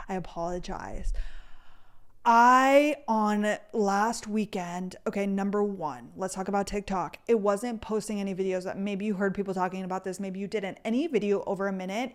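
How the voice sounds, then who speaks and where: Chatty young woman podcaster. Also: medium pitch. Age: 20s. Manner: chatty, fillers of "like", casual swearing. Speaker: podcast host. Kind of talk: casual solo podcast chat.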